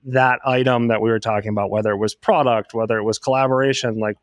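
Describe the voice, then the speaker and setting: A man's voice: mid-range voice, fairly even intonation, quick pace, no echo. A man hosting a casual panel chat, asking loose, rambling questions full of fillers. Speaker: podcast host and moderator.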